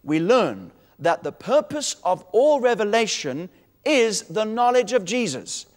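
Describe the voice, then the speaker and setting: A man's voice: sits high, very animated, measured pace, in a large hall. A man preaching a sermon, teaching with emphatic authority and quoting scripture.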